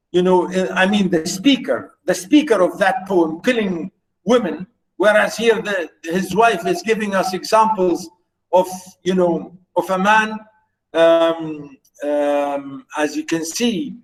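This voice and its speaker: A man's voice: a little high, low-quality recording. A man giving a university literature lecture, earnestly paraphrasing verse and circling back over his words with many fillers and restarts. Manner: earnest, repeats and rephrases lines of verse.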